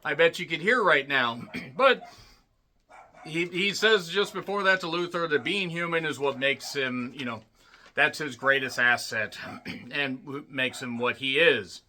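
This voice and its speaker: Male film reviewer, slightly high, very bright and sharp voice, loose profane rambling delivery with throat clearing. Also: unhurried, a little hiss or hum. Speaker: movie reviewer. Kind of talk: casual spoken film recap.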